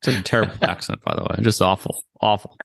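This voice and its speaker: Man, thirties, from New England, co-host, dry close sound, lowish voice, wry. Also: steady tone, quick pace, vocal fry, fairly bright tone, slightly rough, dry recording. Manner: dry, mock-exasperated. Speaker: podcast co-host. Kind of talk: casual chat.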